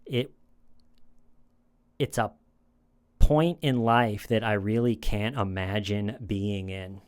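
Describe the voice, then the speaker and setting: A man's voice: on the low side, steady tone, slow, smooth. A man giving casual true crime commentary, retelling a scene in a conversational way with repeated phrases and small restarts.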